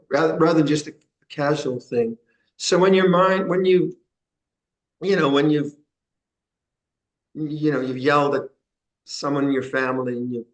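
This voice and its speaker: Frank older monk, higher voice. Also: male voice, rough recording. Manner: frank, chatty, chuckles, repeats phrases. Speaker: Buddhist monk teacher. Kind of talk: answering a question in a Dhamma session.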